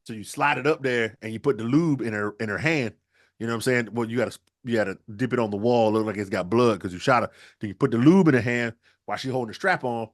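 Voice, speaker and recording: A man co-hosting a podcast, riffing crudely through loud, animated comedic storytelling. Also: medium pitch, quick pace. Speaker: podcast co-host.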